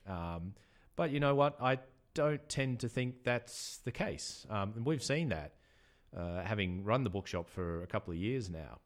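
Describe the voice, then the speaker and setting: A man from Australia with a very low voice chats on a book podcast. He runs a bookshop and probes his co-host with questions, pausing on fillers. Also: lively intonation. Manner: questioning, debating, hesitant with fillers. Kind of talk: casual chat.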